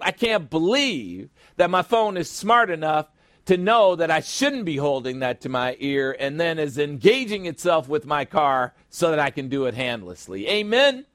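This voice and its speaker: A man's voice: a little high, dry recording, studio quality. A middle-aged man pastor preaching a sermon, asking rhetorical questions and calling out for an amen.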